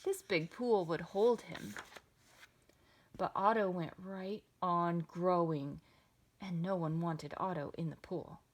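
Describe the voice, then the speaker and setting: A woman reading a children's picture book aloud with expressive, sing-song delivery. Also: lowish voice, slow. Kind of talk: children's storybook read-aloud.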